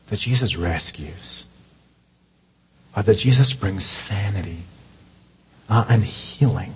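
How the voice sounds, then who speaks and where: A man pastor preaching a sermon, animated, climbing to loud high peaks and dropping to hushed asides. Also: slight background noise. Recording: long hall reverb.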